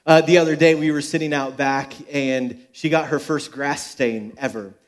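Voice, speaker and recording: A man's voice: fairly high pitch, steady tone, moderate pace. A young adult man, a pastor, giving a sermon at a church service with joking, self-deprecating personal stories.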